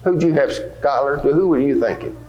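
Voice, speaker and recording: A man's voice: medium pitch, normal speed, dull audio. A man teaching a Bible lesson to children, asking them questions and acting out scripture scenes. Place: church hall. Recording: echoey room with faint ambience.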